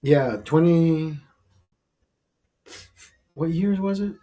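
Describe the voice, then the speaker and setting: Man host, fairly high voice, loose, swearing, laughing, casual storytelling. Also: very slow, mellow. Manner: profane, rambling, laughs often, repeats himself. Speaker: show host. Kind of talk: casual live-stream storytelling. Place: studio.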